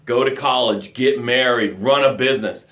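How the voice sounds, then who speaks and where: Hosting a live motivational show as a coach, a man speaks in a mid-range voice at a moderate pace. He stays energetic and emphatic, reading out viewer comments, with an echoey room around him.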